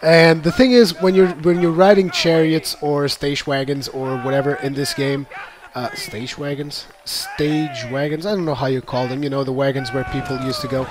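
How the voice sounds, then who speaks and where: A man with a somewhat high voice narrates his own gameplay in a relaxed, chatty way. He laughs easily and acts out his own in-game reactions as he goes. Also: fairly quick, few pauses, crowd noise. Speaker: gameplay commentator. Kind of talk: casual gameplay commentary.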